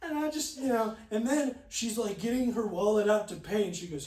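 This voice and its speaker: A young man co-hosting a podcast, telling stories in a casual, animated way, laughing often and swearing freely. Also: high voice, brisk, roomy sound, recorded from a distance. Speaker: podcast co-host. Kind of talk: casual storytelling chat.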